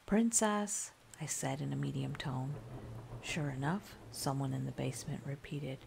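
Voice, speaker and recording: A woman narrating a scary story in a calm, soft-spoken ASMR style. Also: very deep voice, normal speed, vocal fry, slight background noise.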